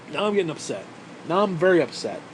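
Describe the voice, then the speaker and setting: A man's voice: a little high, noisy background. A man delivering an angry, profanity-laden rant to camera, sarcastic and swearing constantly. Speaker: vlogger. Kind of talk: profane ranting monologue.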